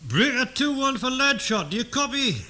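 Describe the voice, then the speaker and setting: A man's voice: very high-pitched, sing-song, moderate pace, bright, forceful tone, a little hiss or hum, full character voice. An actor playing a Geordie father asking for directions over CB radio in concise radio jargon, with a Geordie accent. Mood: courteous. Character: Geordie father lost driving, polite CB user.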